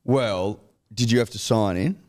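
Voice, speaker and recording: A man's voice: lowish voice, measured pace, darkish tone. A man co-hosting a podcast, chiming in with dry, teasing banter in a casual chat. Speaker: podcast co-host.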